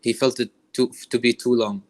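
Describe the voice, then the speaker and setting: A man's voice: mid-range voice, level tone, moderate pace. A male student answering his teacher's question in class, hesitant and searching for words.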